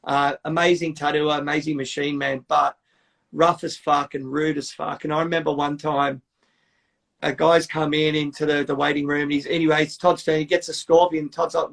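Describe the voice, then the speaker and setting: A man's voice: a little high, steady tone, moderate pace, vocal fry. A middle-aged man, hosting a casual chat and rambling through stories with plenty of swearing. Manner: rambling, swears freely, tells stories with quoted voices. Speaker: podcast host.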